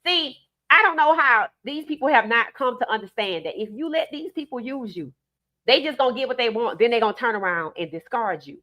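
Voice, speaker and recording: A woman with a New Orleans accent hosting a live stream, giving emphatic, animated commentary and reading out viewer comments. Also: on the high side, brisk, lo-fi sound.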